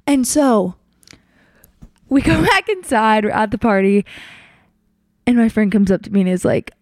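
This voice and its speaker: A woman's voice: on the high side, a little slow, a little mellow, no room sound. Chatty young woman, dry close sound. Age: young adult. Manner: chatty, constant "like" fillers, acts out quotes. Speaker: vlogger telling a story. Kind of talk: casual storytime.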